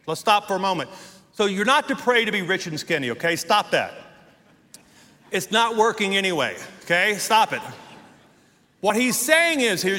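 Middle-aged male pastor, high voice, emphatic sermon delivery, big church reverb. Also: sing-song. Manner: emphatic preaching, drawn-out stressed words, rising to shouts. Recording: long hall reverb in a church.

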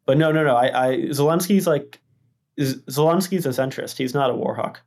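Gravelly man pushing back skeptically. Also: mid-range voice, moderate pace, darkish tone. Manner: hesitant restarts, skeptical pushback. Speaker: podcast host. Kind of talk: casual policy debate.

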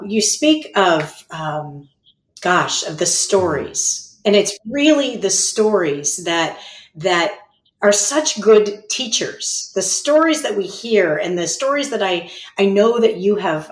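A woman hosting an interview, choosing her words slowly with many pauses and restarts. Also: on the low side, reverberant. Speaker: podcast host. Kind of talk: interview questions.

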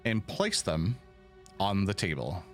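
Slow, low-voiced male game master. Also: big pitch swings, faint music behind. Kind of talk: narrating a tabletop game.

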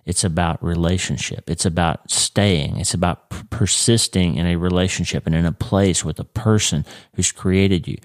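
Deep-voiced congested man teaching. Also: normal speed, few pauses, no echo, clean studio sound. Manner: earnest, explanatory, with occasional restarts. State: congested, with jaw pain. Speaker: Christian teacher of a weekly series. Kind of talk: conversational faith teaching.

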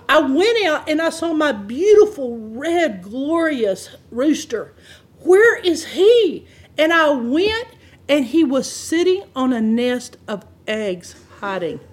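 Telling a story during a sermon, a woman preaches with lively shifts in pitch and volume, laughing at her own anecdotes as she goes.

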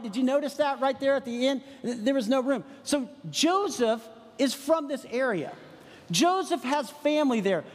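A man preaching a casual, conversational sermon, acting out imagined dialogue between the characters. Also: very high-pitched. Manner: conversational, acts out imagined dialogue in funny voices. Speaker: pastor. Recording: long hall reverb.

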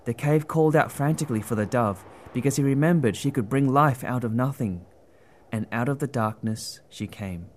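A man narrating a storybook tale in a gentle, expressive way. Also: mid-range voice, normal speed, a little hiss or hum.

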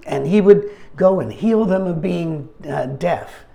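Mellow-voiced man teaching a Bible study. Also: fairly high pitch, slow pace. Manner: conversational, digressive, with wry asides; frequent throat-clearing.

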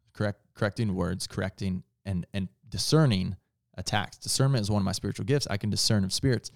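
A man's voice: on the low side, dry recording, studio quality. A man co-hosting a casual faith talk, speaking earnestly and often stopping to restart and correct his own words. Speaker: podcast co-host.

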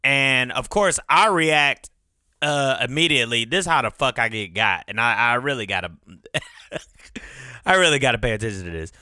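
A man's voice: medium pitch, expressive, normal speed, sharp tone, smooth, no echo, clean studio sound. A man telling a rambling, profane story in casual vlog style. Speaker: vlogger.

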